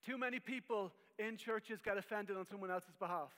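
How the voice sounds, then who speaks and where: A man's voice: sits high, moderate pace, fairly bright tone. A man preaching a sermon as pastor, emphatic with wry asides, in a church hall. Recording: long reverb of a hall.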